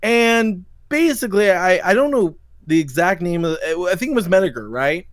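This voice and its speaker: A male livestream host rants at a fast clip, swearing freely. His voice sits high for a man. The sound is dry and close. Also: sing-song, no room sound. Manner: profane, ranting, quotes people in mocking voices. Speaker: podcast host. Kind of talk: heated livestream commentary.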